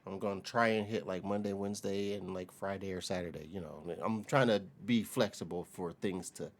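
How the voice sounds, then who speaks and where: An American man hosting a reaction video, chatting in a relaxed, slangy way and laughing often. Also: low-pitched, brisk. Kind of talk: casual reaction commentary.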